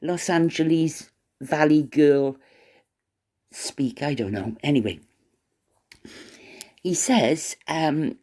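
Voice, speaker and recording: Brief: low, mellow-voiced woman ranting scornfully, lots of stumbling restarts. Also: takes it slowly, long pauses. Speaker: commentary vlogger. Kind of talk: opinionated monologue.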